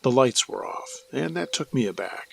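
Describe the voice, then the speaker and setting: A man hosting a spooky story show, reading a listener's first-person account in a measured, steady way. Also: mid-range voice, creaky. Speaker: storyteller and host.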